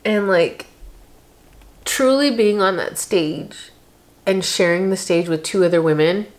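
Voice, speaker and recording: A woman in her thirties with a slightly low voice talks straight to the camera in a casual vlog. She is chatty and open, often saying "like", and sounds close to tears. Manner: chatty, emotional, uses lots of "like". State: tearful, on the verge of crying. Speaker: vlogger.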